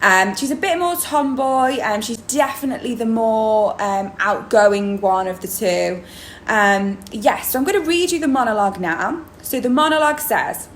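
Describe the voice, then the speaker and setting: Chatty drama teacher, echoey room. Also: female voice, on the high side, normal speed. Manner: chatty, explaining with many ums. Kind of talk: video lesson. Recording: roomy echo, faint background noise.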